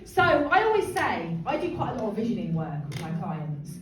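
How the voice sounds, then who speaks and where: A woman leading a workshop, chatty and animated, asking the group questions and laughing often. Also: mid-range voice, fairly quick. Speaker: empowerment speaker running a workshop. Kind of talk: lively workshop talk to a group. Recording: echoey hall from far off, crowd behind.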